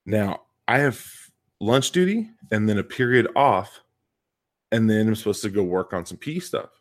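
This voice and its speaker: A man with a fairly low voice co-hosts a casual podcast and tells a long story in the easy talk of a coach and PE teacher. He talks with emphasis and often doubles words to press a point. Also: animated, normal speed. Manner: emphatic, repeats words for stress.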